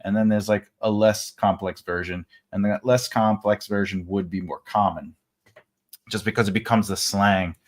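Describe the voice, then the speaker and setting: A man's voice: on the low side, steady tone, moderate pace. A man from the United States giving a casual, rambling live writing lesson, full of fillers and restarts. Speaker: writing teacher.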